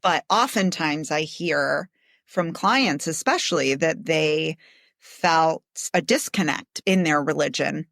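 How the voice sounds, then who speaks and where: A woman's voice: deep voice, takes it slowly, creaky, dry recording, studio quality. A woman social worker as a podcast guest, explaining her views in a thoughtful, conversational way. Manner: thoughtful, explanatory, warm laughter. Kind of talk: casual interview.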